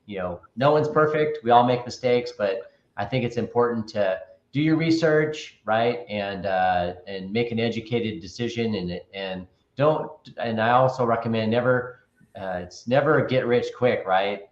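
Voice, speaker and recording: Male guest, lowish voice, upbeat and folksy, on a roomy, dull-sounding call. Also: normal speed. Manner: upbeat, folksy advice-giving with sayings. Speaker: credit repair business owner, interview guest. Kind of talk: casual interview talk. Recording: dull, echoey remote audio.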